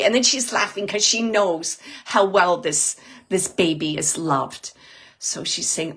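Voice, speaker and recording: A woman working as a psychic medium, giving a live reading in a soft, hesitant way, with many pauses, and repeating words as she relays messages. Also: on the low side, vocal fry, husky. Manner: repeats words and phrases for emphasis. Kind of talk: live spirit reading for an audience member.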